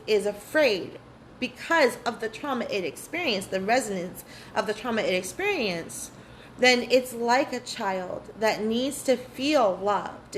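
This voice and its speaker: A woman's voice: fairly high pitch, a little hiss or hum, poor audio. Earnest woman leading a spiritual workshop. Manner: earnest, candid, swears freely, repeats phrases. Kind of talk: live online workshop talk.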